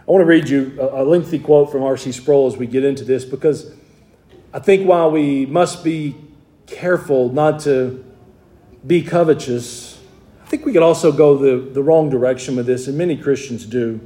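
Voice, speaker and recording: A man's voice: mid-range voice, normal speed, mellow. A man with a Southern US accent preaching a sermon in a conversational way, asking his congregation rhetorical questions. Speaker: pastor.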